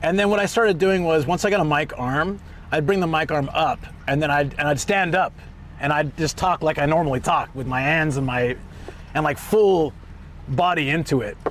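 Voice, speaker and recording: A man chatting on a live stream, excitable and rambling, who swings between a higher hyped voice and a deeper relaxed one, his voice strained from hours of talk. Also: normal speed, slight background noise. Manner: rambling and excitable, trailing off and restarting. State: voice strained from talking a lot. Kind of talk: casual live stream chat.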